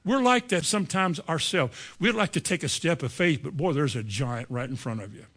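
A male pastor preaching an animated, storytelling sermon in a church, often acting out the voices. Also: fairly high pitch, brisk, breathy edge.

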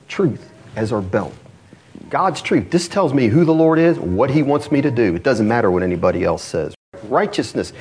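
A man preaching a sermon to his congregation, animated and asking rhetorical questions. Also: medium pitch. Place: church congregation.

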